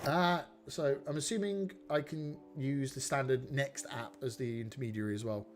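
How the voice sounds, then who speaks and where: A man's voice: medium pitch, moderate pace, faint music behind. A man hosting a casual live coding stream, rambling, chatting with viewers and poking fun at himself. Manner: rambling, self-mocking, talks to chat.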